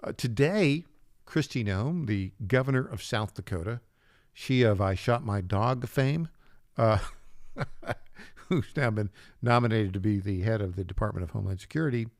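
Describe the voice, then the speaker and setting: A man's voice: lowish voice, normal speed, dry recording, clean studio sound. A man hosting a political talk radio show, making wry asides and chuckling at his own jabs as he introduces clips.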